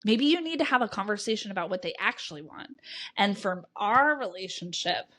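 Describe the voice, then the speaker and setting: A woman's voice: mid-range voice, animated, fairly quick, sharp tone. A woman coach hosting her own podcast, talking candidly and bluntly to listeners, swearing freely as she tells her own story. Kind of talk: candid solo podcast monologue.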